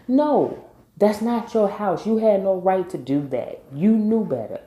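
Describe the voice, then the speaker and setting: Blunt, animated woman in an echoey room. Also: mid-range voice, measured pace. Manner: emphatic, blunt, talks back to characters. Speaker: TV recap vlogger. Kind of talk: animated casual episode recap.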